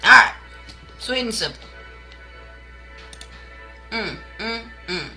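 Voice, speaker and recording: A woman's voice: fairly high pitch, animated, slow pace, vocal fry, long pauses, pushed and bright, soft background music, low-quality recording. A woman reading tarot on a late-night live stream from her home, blunt, ranting and swearing, calling her viewers baby and y'all. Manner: blunt and heavily profane, ranting; calls viewers baby and y'all, greets chat by name.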